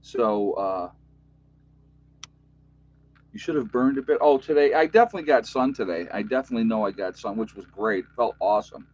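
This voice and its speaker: A man's voice: on the low side, moderate pace, pauses often, darkish tone, dull audio, slight background noise. An overtired man in his fifties with a New York accent, rambling in a chatty, joking way as he hosts a casual livestream for his channel. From United States. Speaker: YouTube channel host.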